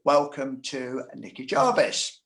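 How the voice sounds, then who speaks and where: A man from Scotland hosts a club evening Q&A, introducing guests and asking questions. He speaks at a middle pitch for a man, often pausing on an "uh" between phrases. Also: sing-song, a bit bright. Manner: introduces guests with frequent uh fillers. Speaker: host of club Q&A. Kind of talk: hosting a live Q&A.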